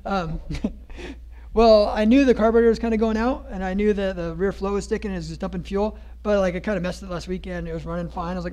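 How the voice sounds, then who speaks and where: A man's voice: sits high, fairly even intonation, fast, darkish tone. A man preaching a casual sermon at a men's conference, chatty and joking, often asking "right?" as he talks. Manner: conversational, keeps asking "right?", laughs at his own jokes.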